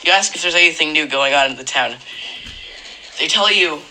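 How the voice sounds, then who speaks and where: A woman's voice: low voice, a little fast, pushed and bright, a little hiss or hum, poor audio. A woman running a tabletop game as game master, rambling and correcting herself as she narrates. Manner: rambling, self-correcting, laughs often.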